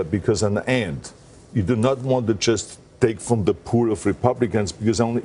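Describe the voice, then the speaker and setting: A low-voiced man talks as a guest in a TV morning show interview. He is emphatic and upbeat and slips in jokes. A faint hiss of background noise sits under his voice. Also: warm tone.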